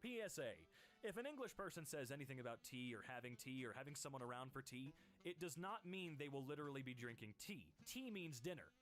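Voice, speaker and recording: A man reading internet posts aloud for comedy, switching voices quickly between posters. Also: medium pitch, sing-song, fairly bright tone, faint music behind. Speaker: host.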